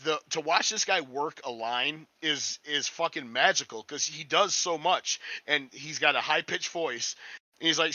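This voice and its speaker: A man's voice: fairly high pitch, a little slow, pushed and bright, dry recording, poor audio. A man chatting casually as a restaurant line cook, rambling, swearing a lot and sounding cocky. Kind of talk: casual podcast chat.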